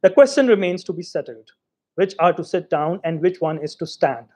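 A man reading a short story aloud in an expressive, theatrical way. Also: high-pitched, moderate pace. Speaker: reader.

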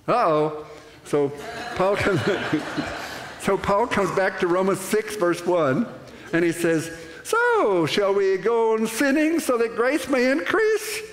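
High-voiced older man preaching in echoey church. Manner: animated, rambling preaching with restarts and acted asides. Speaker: pastor. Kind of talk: sermon. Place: church sanctuary.

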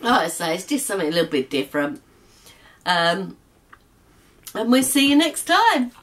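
A woman's voice: medium pitch, sing-song, moderate pace, a bit bright. A middle-aged woman hosting a home baking video, chatting casually and laughing often. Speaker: cooking vlog host.

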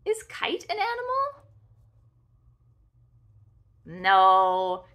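Slow, sing-song woman teaching toddlers. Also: a little high, wildly swooping pitch, pushed and bright. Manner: sing-song, over-articulated, with pauses for the child to repeat. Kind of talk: slow, exaggerated speech lesson for toddlers.

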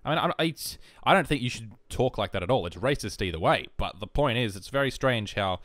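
A man's voice: mid-range voice, lively intonation, fairly quick, fairly bright tone, no room sound, studio quality. A man with an Australian accent rambling in casual, jokey, self-mocking commentary over a video game. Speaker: gaming YouTuber. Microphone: headphones and desk mic.

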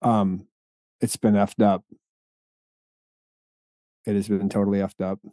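A middle-aged man co-hosting a podcast in casual chat, telling stories in an animated way and laughing now and then. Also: on the low side, slow, dry recording. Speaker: podcast co-host.

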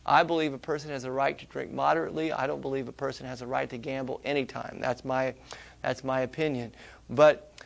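A man preaching a conversational sermon, swinging between loud, emphatic passages and quiet, hushed asides. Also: medium pitch, level tone, brisk, creaky.

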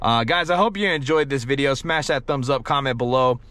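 A man hosting a paranormal vlog, talking in a hushed, halting, emotional way at a cemetery. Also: mid-range voice, slight background noise. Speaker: paranormal vlogger host. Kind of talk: casual ghost-hunting vlog commentary. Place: outdoors and in a car at a cemetery.

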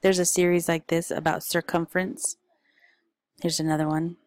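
A woman's voice: lowish voice, level tone, moderate pace, darkish tone, no echo, rough recording. A woman, a parent, chatting casually and informally through a stack of picture book recommendations, with frequent ums and uhs.

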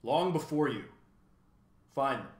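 A man voicing a pompous male math wizard who thunders loudly and turns to ominous hushes, in an echoey room. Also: medium pitch, animated, slow. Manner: thunders loudly, then drops to ominous hush.

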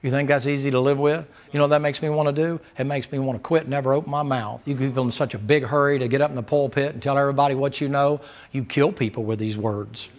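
A man's voice: mid-range voice, fairly even intonation, quick pace, hardly any pauses. A man preaching a sermon as pastor, folksy and emphatic, firing rhetorical questions at the congregation.

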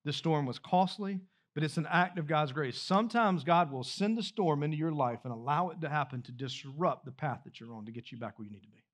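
A man's voice: a little high, expressive, a little fast, hardly any pauses. A man preaching a sermon as pastor, talking loosely and directly to his congregation with rhetorical questions and repeated words. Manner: repeats words and restarts phrases while speaking freely. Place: church sanctuary.

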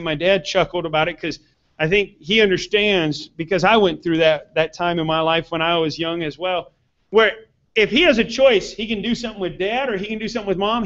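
A man preaching in a church, his voice pitched high for a man and carried with earnest, rising emphasis on his key points. The recording is dull and lo-fi, with a muffled church-sound quality. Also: a bit bright. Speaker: pastor. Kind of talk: sermon. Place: church sanctuary.

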